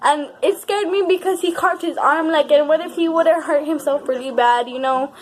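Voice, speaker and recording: A young woman vlogger telling a personal story in a casual, animated way, with lots of swearing and repeated words for emphasis. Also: sits high, moderate pace.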